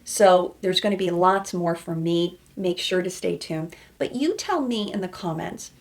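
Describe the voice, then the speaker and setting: A woman's voice: fairly low pitch, a little slow. A woman hosting a reality TV commentary show, talking casually to her viewers in a chatty, heartfelt way. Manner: chatty, warm-hearted, gets choked up.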